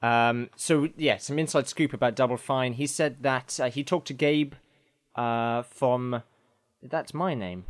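A man hosting a casual podcast, joking and animated, often restarting his sentences. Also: mid-range voice, unhurried. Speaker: podcast host.

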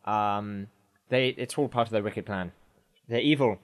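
A man hosting a casual podcast, joking and animated, often restarting his sentences. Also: fairly low pitch, a little slow. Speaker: podcast host.

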